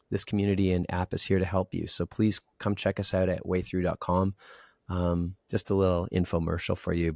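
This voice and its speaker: A man's voice: sits low, vocal fry, darkish tone, no echo, studio quality. A man hosting a podcast as a relationship coach, talking openly and vulnerably in a casual conversation. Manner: open and vulnerable, shares personal feelings. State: going through a recent breakup.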